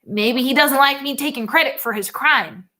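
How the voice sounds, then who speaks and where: An earnest young country boy from a storybook talks plainly and quickly, as a woman reader puts him on. His voice is bright and fairly high.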